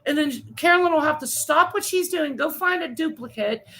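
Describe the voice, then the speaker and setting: A woman with a high voice and a gravelly, fry-laced edge rants in a casual chat. She sounds exasperated as she tells a long complaint to a friend. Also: animated, fairly quick, sharp tone, rough recording. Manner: ranting, exasperated storytelling with mocking mimicry. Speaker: co-host.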